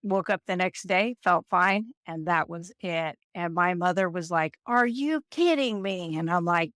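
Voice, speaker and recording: A woman in her fifties talks as an interview guest, drawing on her work as a nurse. Her voice sits on the low side and is recorded close and dry. She tells animated stories and slips into the voices of the people she quotes. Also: moderate pace, no room sound. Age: 50s. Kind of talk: storytelling interview.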